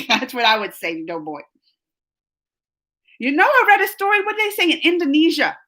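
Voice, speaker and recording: A woman's voice: high-pitched, lively intonation, normal speed, pushed and bright. A chatty woman, feeling a bit sick and rambling through a casual live chat with viewers, laughing often. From New Orleans, USA. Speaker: livestream host reading chat.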